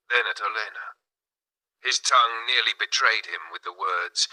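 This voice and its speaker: Male audiobook narrator with a measured, dramatic delivery and a lowish, bright voice. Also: rough recording. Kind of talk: scripted narration.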